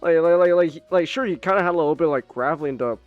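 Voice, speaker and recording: A man's voice: on the high side, quick pace, muffled recording, soft background music. A man chatting casually on a stream, rambling with many restarts and swearing. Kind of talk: casual chat.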